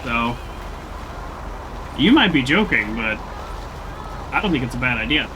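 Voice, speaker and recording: A man's voice: medium pitch, big pitch swings, a little slow, noisy background. A young man streaming a video game, chatting casually and joking with mock indignation. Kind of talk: casual gameplay commentary.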